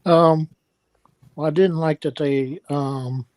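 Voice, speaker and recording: A slow-talking man with a mellow voice, giving opinions on a panel with many pauses and fillers. His voice sounds dry and close. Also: fairly high pitch, steady tone, no room sound. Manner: halting, many ums and pauses. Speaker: podcast panelist. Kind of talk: casual chat.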